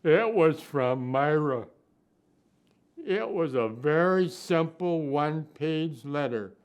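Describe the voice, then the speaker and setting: A man's voice: a little high, animated, takes it slowly, clean tone. A man over a hundred years old, a war veteran from Minnesota, telling his memories in a documentary interview and acting out the remembered dialogue. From Minnesota, United States. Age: 100s. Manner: reflective, acts out remembered dialogue.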